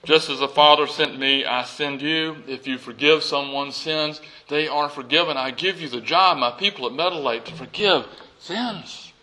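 A pastor reads scripture aloud and preaches in an animated way, tossing light jokes to his congregation. His voice is fairly high at a moderate pace, and the recording is low quality.

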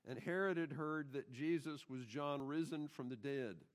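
A man's voice: on the high side, moderate pace. A middle-aged pastor preaching a sermon in his church, emphatic and putting rhetorical questions to the congregation. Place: church sanctuary.

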